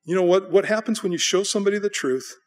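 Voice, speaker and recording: Middle-aged American male pastor, sermon delivery, animated storyteller, slightly high voice. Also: fast talker, soft background music. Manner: animated storytelling, acting out voices with bleats and bursts of excitement.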